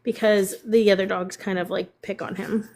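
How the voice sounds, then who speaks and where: A woman hosting a casual live stream, chatting with viewers and cooing at her dogs in a high baby voice. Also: fairly even intonation, normal speed, darkish tone. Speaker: livestream host.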